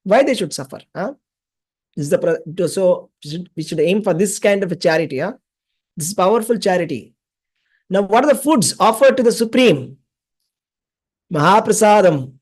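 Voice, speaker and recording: A man's voice: sits high, expressive, moderate pace, pauses often, breathy edge. A man teaching a scripture class, telling stories, acting out the dialogue and often checking in with the listeners. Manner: repetitive, asks the class questions, acts out dialogue. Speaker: spiritual teacher. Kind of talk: class lecture with storytelling.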